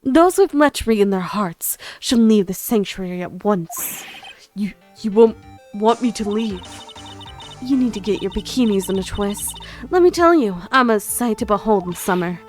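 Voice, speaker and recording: A woman voicing a boastful, bubbly elderly head nun, reading her lines loudly over game music. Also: medium pitch, animated, moderate pace, close to an everyday voice.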